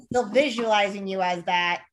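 Young woman guest, casual blunt chatter, lively and profane. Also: mid-range voice, moderate pace, very noisy. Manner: animated, swearing, filler-heavy, acts out voices. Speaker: podcast guest. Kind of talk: casual podcast chat.

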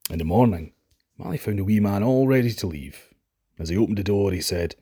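Husky-voiced Scottish man telling a folk tale. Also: on the low side, normal speed. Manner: lively and expressive. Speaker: storyteller.

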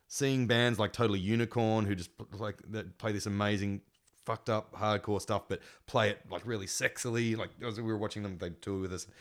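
A man telling stories in casual chat, swearing freely and acting out what people said. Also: fairly low pitch. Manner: animated storyteller, swears freely, acts out quotes. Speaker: musician guest.

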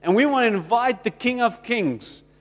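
A man's voice: very high voice, expressive, moderate pace, big-room sound. A South African man preaching a sermon in a conversational way, acting out the little exchanges he quotes. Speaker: pastor.

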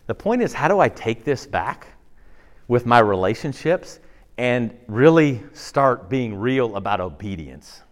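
Animated, conversational male preacher. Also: unhurried. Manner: conversational, with frequent fillers and rhetorical checks; animated, swinging between loud emphasis and soft low asides. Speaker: pastor. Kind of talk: casual sermon.

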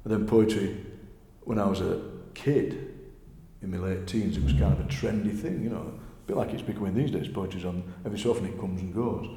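A man with a Yorkshire accent, a poet telling stories in a lively, chatty interview. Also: low voice, a little fast. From Yorkshire, England. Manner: chatty, animated storyteller, often laughing. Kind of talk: conversational interview. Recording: echoey room with long reverb.

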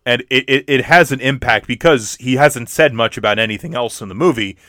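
A man's voice: mid-range voice, fairly quick, sharp tone, dry recording. Eager man in dry, close sound. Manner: enthusiastic, stumbling restarts. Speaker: podcast co-host. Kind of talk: casual film discussion.

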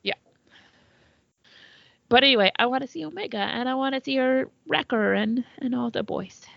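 A woman's voice: high voice, moderate pace, gravelly, dry recording, dull audio. A woman co-hosting a podcast in casual chat, swearing freely and trailing off mid-thought. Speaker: podcast co-host.

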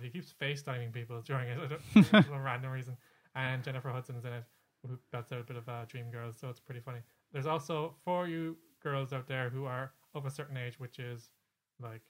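A man co-hosting a podcast, chatting casually at an ordinary middle pitch. He rambles, trips over his words and fills the gaps with plenty of "uh"s and "like"s. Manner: rambling, with many fillers and restarts. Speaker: podcast co-host.

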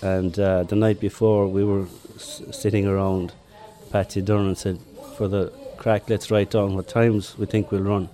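An older man with a Limerick Irish accent recalls old races in an easy, chatty way. His voice sits low and mellow, with a dark, soft tone. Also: level tone, a little slow, hardly any pauses. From Ireland. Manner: chatty anecdotes with chuckles. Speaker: interviewee, former marathon runner. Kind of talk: relaxed storytelling.

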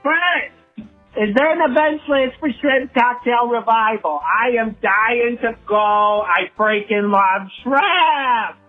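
A man voicing an excitable male caller who walks a pet pig, talking in a shrill, exclamatory way, heard as a phone voicemail. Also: takes it slowly, phone-quality sound, soft background music, heavily acted. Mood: excited.

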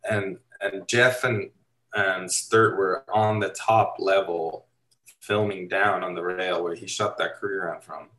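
A man from Finland tells a story at an easy, meandering pace, dropping "like" and "dude" all the time. His voice sits low. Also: fairly even intonation, unhurried, a bit bright, a little hiss or hum, low-quality recording. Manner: laid-back, rambling, heavy use of "like" and "dude". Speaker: interview guest, photographer and former skater. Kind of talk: casual storytelling.

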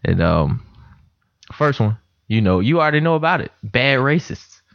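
A young man hosts a laid-back podcast from a room in a house and tells animated stories. His pitch swings widely as he acts out quotes, and his voice sounds dry and close. The home recording has a dull, lo-fi tone. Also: moderate pace, creaky, dry recording. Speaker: podcast host. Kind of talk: casual chat. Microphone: computer mic.

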